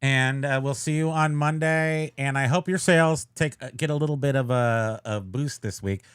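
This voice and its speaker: A man co-hosting a casual podcast, joking and rambling, his voice often trailing off quietly. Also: medium pitch, normal speed, smooth, no echo, studio quality. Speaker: podcast co-host. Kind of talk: casual livestream chat.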